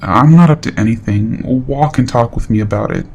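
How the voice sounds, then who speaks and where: A man's voice: medium pitch, a little fast, vocal fry, a little mellow, breathy edge. A man voicing a nervous, shifty young man who stammers and pleads as he lies.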